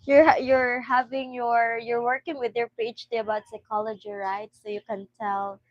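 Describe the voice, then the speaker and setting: A woman chats on a live stream, giggly and a little tearful, with laughter slipping in between her answers. Her voice sits on the higher side and her speech is slow and unhurried. The recording is dry and close, with no room sound. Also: no echo, dull audio. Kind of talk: casual emotional conversation.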